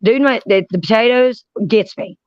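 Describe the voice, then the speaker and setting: A woman's voice: a little high, moderate pace, dry recording. Blunt woman telling stories. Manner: blunt and profane, tells stories animatedly. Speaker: streamer. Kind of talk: casual chat. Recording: dry, dull lo-fi sound.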